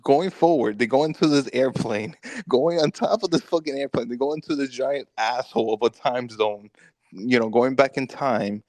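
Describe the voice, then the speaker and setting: A man on a movie review podcast, retelling the plot in an animated, profane way with quick mock quotes. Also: medium pitch, no room sound. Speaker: podcast co-host. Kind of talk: casual movie review chat.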